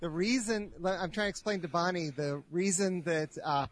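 High-voiced man, hesitant chat. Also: moderate pace. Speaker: podcast co-host. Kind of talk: casual chat.

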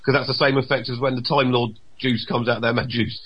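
Bright-voiced wisecracking man. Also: mid-range voice, flat delivery, fairly quick, breathy edge. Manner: wisecracking, slips into mock accents. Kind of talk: casual podcast chat.

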